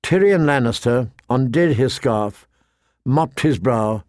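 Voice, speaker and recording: A man narrating a fantasy novel in a measured, steady storytelling voice. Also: medium pitch, no room sound, studio quality. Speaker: audiobook narrator.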